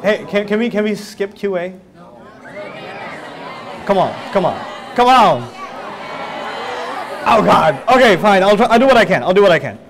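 A man giving a religious lecture as a lively story, joking and laughing often. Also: sits high, moderate pace, pauses often, a faint crowd, slight background noise. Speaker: Islamic lecturer.

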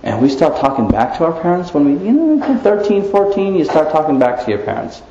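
A man preaching a religious lecture with lively rhetorical questions and frequent chuckles. He sounds like he is in a roomy space, the recording slightly muffled with a faint hiss underneath. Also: a little high, fairly quick. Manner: animated, rhetorical, chuckles often. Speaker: Islamic preacher.

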